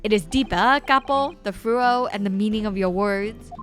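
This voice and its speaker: A woman's voice: mid-range voice, moderate pace, a bit bright, faint music behind, close to an everyday voice. A woman voicing a boastful young Italian nobleman and swindler with a put-on Italian accent, reading game dialogue aloud. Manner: showy, theatrical.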